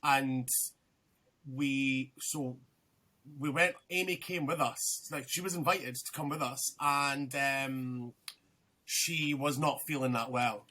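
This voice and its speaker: A man's voice: mid-range voice, takes it slowly, bright, forceful tone. A young man, a podcast guest, telling a rambling story in casual chat, swearing freely and restarting his sentences.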